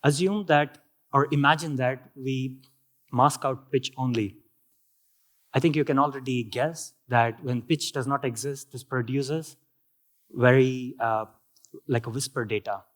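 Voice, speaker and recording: A man's voice: medium pitch, steady tone, a little slow. A man with an Indian accent giving a technical conference talk, explaining step by step with frequent fillers and restarts. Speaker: conference speaker.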